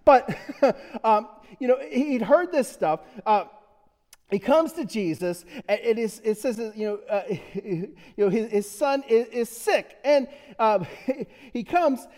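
A man's voice: very high-pitched, expressive, takes it slowly, darkish tone. A man preaching a casual conversational sermon as pastor, joking and chuckling as he goes. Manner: joking, chuckling often, restarts and fillers. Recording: long hall reverb.

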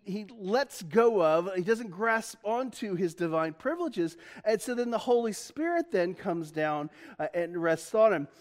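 High-voiced middle-aged man, joking pastor. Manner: chatty and joking, laughing often. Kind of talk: conversational sermon. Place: church.

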